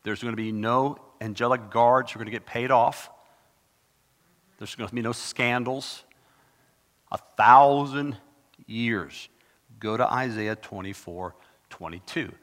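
A man's voice: medium pitch, unhurried, long pauses. Man preaching in a reverberant hall. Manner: dramatic, conversational preaching with sudden loud emphasis. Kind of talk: sermon. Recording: long reverb of a large hall.

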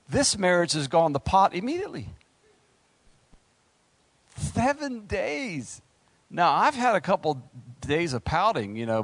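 Animated joking preacher. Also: male voice, fairly high pitch, no room sound. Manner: lively, joking asides to the congregation. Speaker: preacher leading a Bible study. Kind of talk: sermon with scripture reading.

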